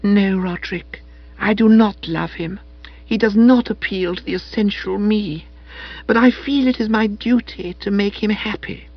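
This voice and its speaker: A man reading aloud and voicing an overwrought, sentimental young woman in a high, breathy, gushing tone, on a dry, slightly muffled recording. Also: a little slow, no room sound. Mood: soulful.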